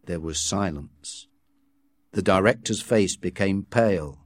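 A man reading a story aloud with measured scripted narration. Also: low-pitched, no room sound, clean studio sound. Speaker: audiobook reader.

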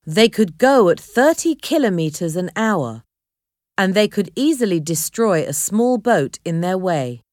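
Brief: woman narrator reading an adventure chapter, unhurried and expressive, dry close mic. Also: mid-range voice, dry recording. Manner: clear, measured reading of a graded reader. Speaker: audiobook narrator. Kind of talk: scripted storybook narration.

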